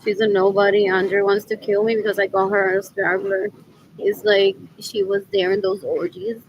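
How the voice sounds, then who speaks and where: A woman's voice: medium pitch, level tone, normal speed, muffled recording, noisy background. A woman in a rambling, scornful spoken monologue who keeps asking "what else?" and switches between English and Spanish. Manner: disgusted, scornful.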